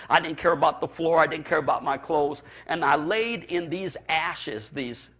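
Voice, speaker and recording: Stammering pastor telling an emotional testimony. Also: male voice, fairly high pitch, fairly bright tone. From Chicago area, USA. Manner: emotional storytelling with stammered repeats. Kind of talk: preaching a personal testimony.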